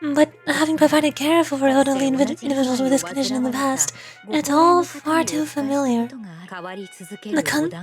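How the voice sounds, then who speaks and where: A woman reading the lines of a calm, analytical store manager, measured and explanatory, over game music. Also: high voice, close to an everyday voice. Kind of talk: reading game dialogue aloud.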